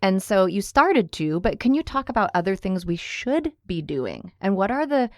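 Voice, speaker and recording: A woman's voice: medium pitch, very animated, moderate pace, no echo, clean studio sound. A woman in her thirties co-hosting a parenting podcast, asking thoughtful questions and affirming her partner. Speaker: podcast co-host. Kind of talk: casual podcast chat.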